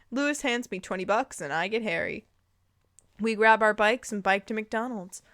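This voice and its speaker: A woman's voice: medium pitch, normal speed, fairly bright tone, dry recording, clean studio sound. A young woman reading fan fiction aloud, breaking in with giggles and sarcastic asides. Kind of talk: dramatic reading with comic asides.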